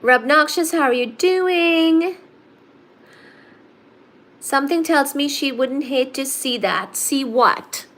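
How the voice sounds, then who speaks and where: A woman with a slightly raised voice chats on a casual live stream, slowly and playfully reading out her viewers' comments and answering each one. She has a bit of a cold. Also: high-pitched, a bit bright. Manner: playful, reads chat comments aloud and answers them. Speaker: livestream host reading viewer chat.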